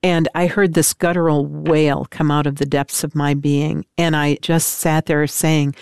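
A woman's voice: low-pitched, fairly even intonation, a little slow, creaky, hardly any pauses, a little mellow, clean tone, dry recording, clean studio sound. An older woman giving an emotional personal testimony as an interviewed mother, telling her story in an intense, tearful way.

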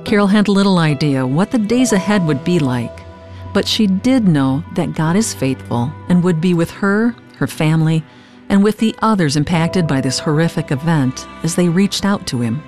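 A woman narrating a documentary from a script, with a measured, earnest delivery. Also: on the low side, expressive, darkish tone, soft background music.

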